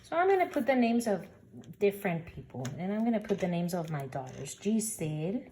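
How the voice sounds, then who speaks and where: A woman's voice: medium pitch, very animated, brisk, dark tone, a little hiss or hum. A woman teaching a recorded Spanish grammar lesson, patiently explaining and sounding out example words.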